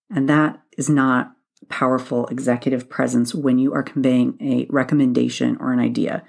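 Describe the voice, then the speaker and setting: Woman podcast host coaching listeners, steady instructive delivery that circles back to stress key points. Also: extremely low pitch, creaky. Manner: instructive, methodical, repeats points for emphasis. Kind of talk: solo advice podcast.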